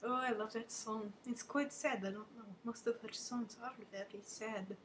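A woman hosting a homemade comedy show in a theatrical, bossy way, swinging between loud scolding and hushed asides. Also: a little high, fairly even intonation, normal speed, a little hiss or hum.

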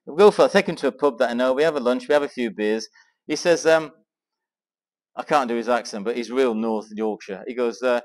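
A middle-aged man from England telling an animated personal story to a Christian men's gathering, acting out the dialogue as he goes. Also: mid-range voice, fairly quick. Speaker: speaker at a men's Christian weekend. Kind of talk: storytelling talk to a live audience.

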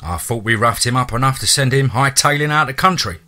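A man voicing a huge, gruff, foul-mouthed werebear with a low, muffled voice. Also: fairly quick, sharp tone, lightly acted. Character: huge gruff male werebear, old brawler.

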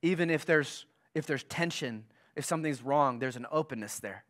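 A man in his thirties preaching a sermon, telling a family story in a casual way and repeating phrases for emphasis, going from loud, animated bursts to hushed, near-whispered lines. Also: on the high side, moderate pace. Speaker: pastor.

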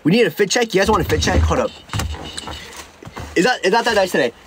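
A man's voice: high voice, animated, quick pace, background noise. A young man chatting casually on a live stream, rambling and joking with lots of stuttered restarts. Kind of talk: casual livestream chat.

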